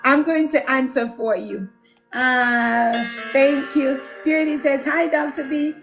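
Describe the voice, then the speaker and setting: A woman's voice: sits high, measured pace, creaky, over music. A woman hosting a casual livestream, chatting with viewers, reading out their comments and greeting them by name with plenty of laughter. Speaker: livestream host and home care business mentor.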